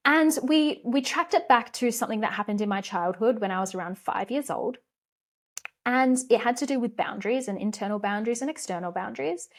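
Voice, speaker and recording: A woman talks alone on her own podcast, earnest and emphatic, a motivational coach who swears without fuss. Her voice sits a little high for a woman. She presses her points with strong conviction. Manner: candid, swears casually. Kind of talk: motivational solo podcast talk.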